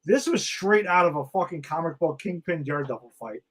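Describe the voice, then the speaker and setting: Male podcast co-host, animated and profane, breaks down an episode in casual chat, voice pitched a little high. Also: a little fast, breathy edge. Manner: excited, swears freely, acts out quotes.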